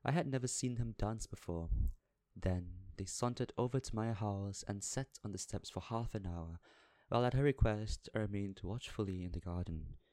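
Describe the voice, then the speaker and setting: Low-voiced man reading a novel aloud. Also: moderate pace, warm tone, dry recording. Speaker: audiobook narrator. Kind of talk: scripted narration.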